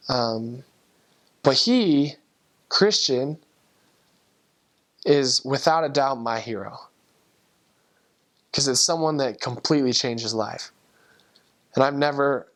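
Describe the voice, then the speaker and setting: A man's voice: mid-range voice, a bit bright. Earnest young man telling a testimony. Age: young adult. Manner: earnest, emotional, acts out quoted voices. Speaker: returned missionary. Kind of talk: personal testimony storytelling.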